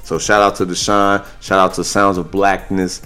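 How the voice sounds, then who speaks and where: A man hosting a podcast, telling stories in a casual, animated way, with his voice jumping higher when he jokes. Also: moderate pace, clean tone, faint music behind. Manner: animated storytelling, jumps high when joking. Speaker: podcast host.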